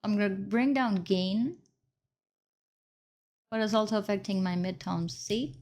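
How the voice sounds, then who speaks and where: A woman's voice: medium pitch, unhurried, a little mellow. A woman teaching color grading step by step in a screen-recorded tutorial, correcting her own slips along the way. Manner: explains step by step, apologizes for slips. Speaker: video editing instructor.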